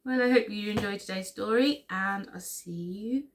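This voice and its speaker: A woman reading a children's picture book aloud for storytime in an expressive, sing-song way. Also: mid-range voice, moderate pace. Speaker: story reader.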